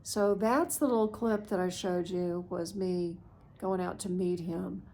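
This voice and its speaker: A woman's voice: lowish voice, fairly even intonation, measured pace, a little mellow. A woman in her sixties tells a story in a casual vlog, chatty and self-mocking, laughing at her own misadventure. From United States. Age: 60s. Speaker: vlogger.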